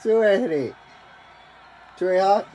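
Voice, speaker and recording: A man giving excited commentary while playing a football video game, chanting, hyping himself up and bursting into shouts. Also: sits high, takes it slowly, slight background noise, low-quality recording. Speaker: gaming commentator.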